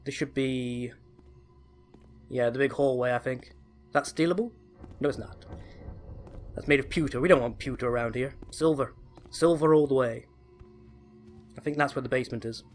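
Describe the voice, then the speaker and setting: A man chats his way through a stealth game, eager and rambling, often correcting himself mid-sentence. His pitch sits in an ordinary middle range. Faint music plays quietly underneath. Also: moderate pace, long pauses. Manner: chatty, enthusiastic, self-correcting. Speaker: let's play host. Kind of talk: casual gameplay commentary.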